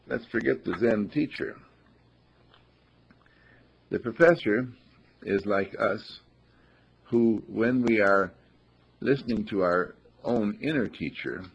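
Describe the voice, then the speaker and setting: A man giving a reflective spiritual talk, softly telling parables and briefly acting out the people in them. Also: lowish voice, vocal fry, breathy edge. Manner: soft-spoken storyteller, voices characters in quotes. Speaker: spiritual teacher. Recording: dull lo-fi recording.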